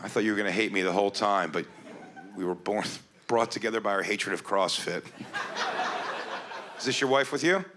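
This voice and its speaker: A man's voice: fairly low pitch, brisk, noisy background. A male stand-up comedian teasing and bantering with audience members from a comedy club stage. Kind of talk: stand-up crowd work. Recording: live club audio with crowd laughter.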